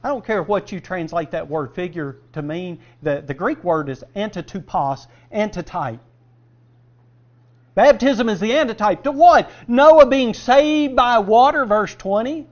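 Male preacher, high voice, sermon; asks and answers his own questions, punchy emphasis then low asides; muffled lo-fi recording. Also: animated, measured pace.

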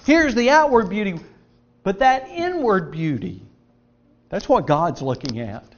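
A middle-aged man delivers an earnest sermon in a fairly high voice, pressing his points with shifts in loudness and pace. The recording sounds dull and lo-fi. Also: sing-song, measured pace. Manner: earnest, emphatic preaching with varied loudness and pace. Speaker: preacher.

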